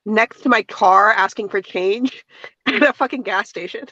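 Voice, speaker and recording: A woman co-hosting a casual talk show, cracking crude jokes in a deadpan way and laughing along. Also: mid-range voice, unhurried, no room sound, muffled recording. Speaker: podcast co-host. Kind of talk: casual gossipy chat.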